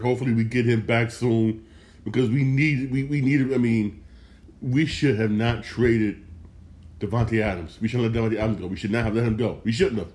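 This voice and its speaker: A man's voice: mid-range voice, darkish tone. A man hosting a sports podcast, ranting in a frustrated, heated way, cursing and repeating himself. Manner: profane. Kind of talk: casual sports rant.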